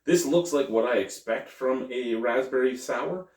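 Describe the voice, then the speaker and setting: A man's voice: medium pitch, measured pace, darkish tone. A man casually reviewing a beer on camera, chatty and thinking aloud, correcting himself as he goes. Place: at home. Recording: roomy, mic at a distance.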